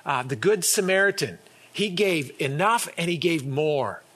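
A middle-aged pastor preaching a sermon, earnest, often repeating words and acting out little quoted exchanges. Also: male voice, a little high, lively intonation, a little slow, a bit bright, husky.

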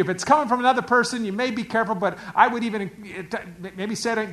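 A pastor preaching a sermon, dropping to hushed whispers and rising to loud, emphatic preaching. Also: male voice, very high voice, fast, few pauses.

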